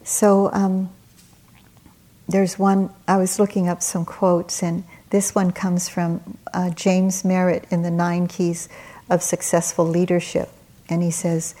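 Soft-spoken woman giving a mellow dharma talk. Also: medium pitch, fairly even intonation. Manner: gentle, unhurried storytelling with soft pauses. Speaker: meditation teacher.

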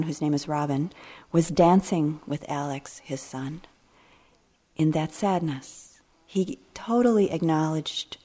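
Low husky older woman teaching meditation. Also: mellow. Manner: slow, reflective, trailing phrases, sometimes dropping to a near whisper. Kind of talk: dharma talk.

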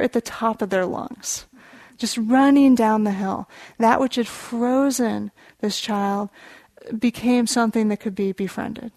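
A woman meditation teacher tells a story during a dharma talk, her voice sitting a little higher than most. She speaks gently and without hurry, pausing to explain contemplative terms. The recording is close and dry, with almost no room sound. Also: no echo.

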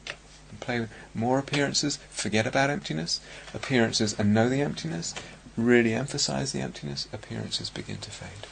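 A meditation teacher delivers a dharma talk at a retreat in a creaky, medium-pitched voice. He moves slowly and searchingly, pausing and restarting often, over a little hiss or hum.

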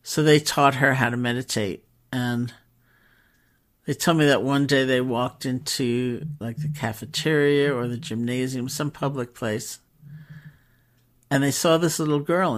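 A woman meditation teacher telling stories in a relaxed, conversational talk, with pauses and fillers. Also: very deep voice. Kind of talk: storytelling talk.

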